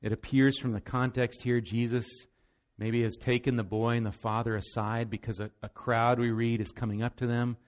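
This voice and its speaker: A man's voice: medium pitch, flat delivery, moderate pace. Male pastor, sermon delivery, emphatic and earnest, middle-range voice. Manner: earnest, emphatic, often repeats words.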